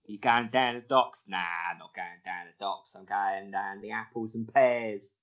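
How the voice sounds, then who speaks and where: A man's voice: lowish voice, fairly even intonation, measured pace, a bit bright, dull audio. A man voicing a cheeky, chirpy Cockney working man with a Cockney accent.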